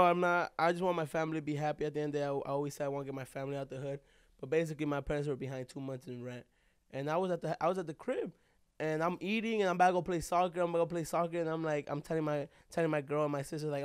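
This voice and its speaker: A man's voice: fairly high pitch, steady tone, racing, clear, resonant tone, no room sound, studio quality. A young man co-hosting a podcast, telling a heartfelt story in a rambling, casual way full of "bro" and "like.". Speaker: podcast co-host.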